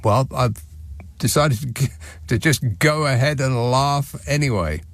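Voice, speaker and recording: A man's voice: medium pitch, unhurried, no room sound. A man hosting a talk radio phone-in, reading listener texts with a dry, sardonic manner and frequent restarts. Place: radio studio.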